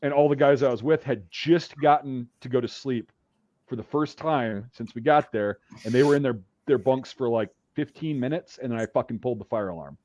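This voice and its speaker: A man's voice: mid-range voice, a little fast, a little mellow, dry recording. A man hosting a podcast, telling a rambling war story in casual, profanity-heavy talk. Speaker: podcast host. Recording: dull dry recording.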